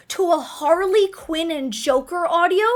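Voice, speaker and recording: This young woman addresses her stream chat head-on, spinning a loose, casual tale a little slowly. She has a very high-pitched voice, and she's animated and swears a lot as she goes.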